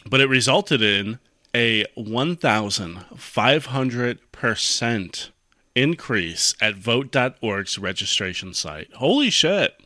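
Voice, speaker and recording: Bright-voiced man, dry close recording. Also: medium pitch, expressive, slow, no echo. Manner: laid-back, agreeable, filler-heavy. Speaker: podcast co-host. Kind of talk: casual podcast chat.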